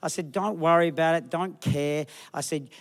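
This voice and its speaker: Speaking at normal speed in a fairly high voice, a middle-aged man preaches a sermon as a pastor. His storytelling is animated and full of jokes, with imitated voices for those he quotes.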